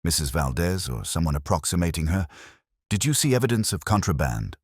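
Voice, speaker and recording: A man voicing a deliberate older male detective who speaks in dry, measured sentences. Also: sits low, very animated, husky, dry recording, full character voice. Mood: musing.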